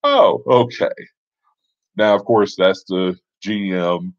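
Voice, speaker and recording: Deep-voiced guy rambling through a d&d story, chill, kinda muffled dry audio. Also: slow pace, no echo. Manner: relaxed, conversational, with fillers and asides. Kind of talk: casual spoken storytelling.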